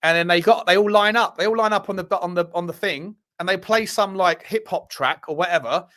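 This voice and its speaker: With a high, bright, forceful voice and a brisk delivery, an English man hosts a live fan show. He casually reacts to viewers' messages, cursing freely and laughing at himself as he spins stories.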